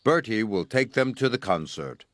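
A man's voice: lowish voice, animated, moderate pace, fairly bright tone, no echo. A man voicing a kindly male railway boss who speaks firmly but apologetically, in a storybook reading.

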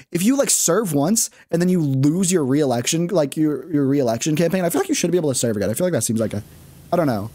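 Guy streamer rambling casual, kinda high voice, bounces up and down a lot. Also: a little mellow. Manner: rambling, lots of fillers and laughs. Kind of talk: casual chat.

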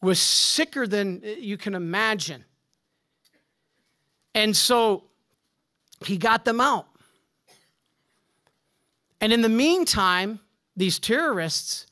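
A man, a Catholic priest, giving a conference talk with emphatic preaching and rhetorical questions, swinging from forceful declarations to hushed asides. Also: high voice, lively intonation, slow pace, pauses often.

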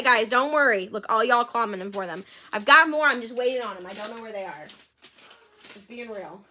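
A woman's voice: high voice, sharp tone, a little hiss or hum. A woman hosting a live shopping stream, chatty and laughing often as she calls out items and bin numbers. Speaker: live-sale host.

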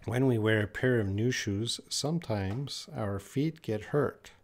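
A man teaching English in a live question-and-answer stream, reading viewer questions aloud and answering them patiently. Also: lowish voice. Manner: slow, patient, reads viewer questions aloud then explains.

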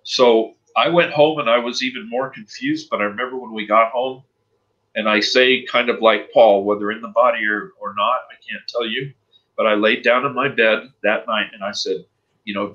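Bright-voiced man telling his testimony. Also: medium pitch, fairly even intonation, moderate pace, muffled recording. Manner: earnest, emotional storytelling. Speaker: interview guest. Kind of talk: personal testimony in interview.

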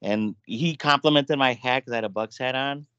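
A man guest telling a story in a casual chat, animated and acting out the dialogue. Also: medium pitch, moderate pace, smooth, dry recording, muffled recording.

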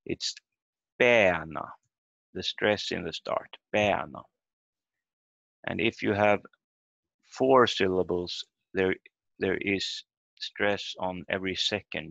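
A man teaching a language lesson over a video call, explaining slowly and haltingly and repeating example words aloud. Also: sits low, creaky, fairly bright tone, no room sound. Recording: dull lo-fi video call audio.

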